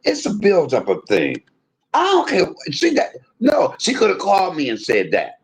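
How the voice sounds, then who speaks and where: A man hosting a livestream, venting in an aggrieved rant that swings between loud outbursts and low muttering. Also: huge pitch swings, normal speed, husky. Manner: swears freely, talks straight to viewers. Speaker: livestream host.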